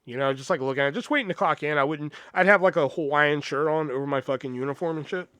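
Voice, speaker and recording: A man's voice: on the high side, fast, clear, resonant tone, no room sound. A man hosting a podcast, telling work stories in a casual, profane way and acting out the people he quotes. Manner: profane, animated, acts out quoted voices. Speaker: podcast host. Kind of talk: casual storytelling.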